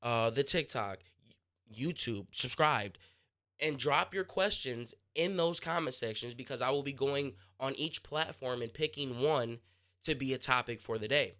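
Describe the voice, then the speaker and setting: A young man hosting his own sports podcast, talking casually and answering listener questions, pausing and restarting mid-thought as he works out what he wants to say. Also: medium pitch, bright, forceful tone. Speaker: podcast host.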